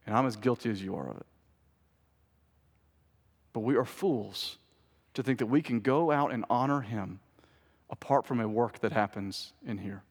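A male pastor preaching a sermon in a church, earnestly repeating key phrases and moving between urgent appeals and hushed, intent passages. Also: medium pitch, normal speed, long pauses, slightly rough. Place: church sanctuary. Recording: reverberant church hall.

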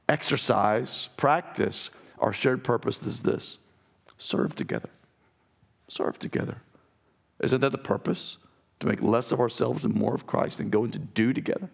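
A man preaching a sermon as pastor, with a raspy voice, earnest and direct with his congregation. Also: medium pitch. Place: church sanctuary.

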